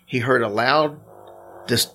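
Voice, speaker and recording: A man casually telling ghost stories to his co-host on a podcast, animated and teasing. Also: mid-range voice, takes it slowly. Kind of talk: casual storytelling chat.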